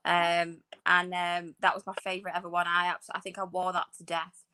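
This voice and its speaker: A woman's voice: fairly low pitch, monotone, normal speed, bright, forceful tone, smooth. A woman co-hosting a casual chat, talking in a rambling, self-deprecating way. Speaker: podcast co-host.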